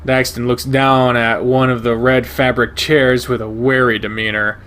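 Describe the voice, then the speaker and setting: A man reading a visual novel aloud in first person, steady and measured. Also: mid-range voice. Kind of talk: first-person narration of a game.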